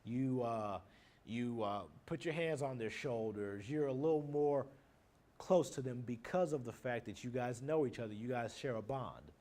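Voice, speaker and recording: A man's voice: medium pitch, moderate pace, warm tone. Man lecturing a class. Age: adult, married. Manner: plain explanatory teaching with lists and examples. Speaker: teacher. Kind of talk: recorded lecture on nonverbal communication.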